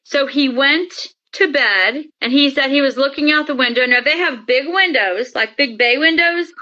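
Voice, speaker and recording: High-pitched woman telling her story, bright voice, lively, does all the voices, kinda muffled recording. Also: moderate pace. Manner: lively, acts out quoted dialogue. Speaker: interview guest, paranormal experiencer. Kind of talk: animated storytelling.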